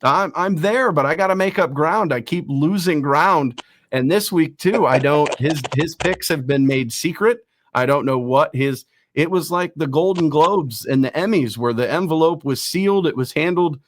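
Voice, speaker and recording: A man hosting a casual sports talk show, rattling off rankings quickly with self-deprecating asides. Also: a little high, slight background noise. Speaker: host.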